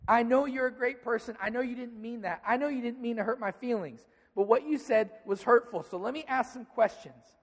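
High-voiced pastor preaching in a hall. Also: male voice, a little fast, hardly any pauses. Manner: conversational preaching, acts out dialogues. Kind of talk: sermon.

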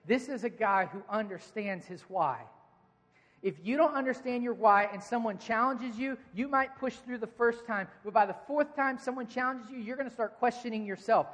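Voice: mid-range voice, normal speed, a bit bright. Joking, conversational preacher in a reverberant church. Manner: conversational and joking, engages the congregation directly. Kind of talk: sermon. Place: church sanctuary.

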